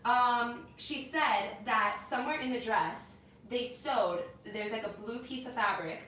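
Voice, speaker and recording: A young woman co-hosting a casual entertainment news chat, opinionated and animated, with lots of "like.". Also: a little high, measured pace. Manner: animated, opinionated, heavy use of "like". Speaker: co-host. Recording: echoey room, mic at a distance, faint noise.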